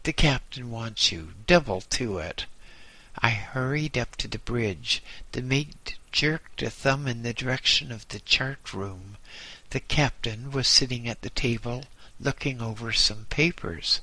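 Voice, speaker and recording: A man giving scripted first-person narration in a measured, deliberate way. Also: medium pitch, sharp tone, no room sound.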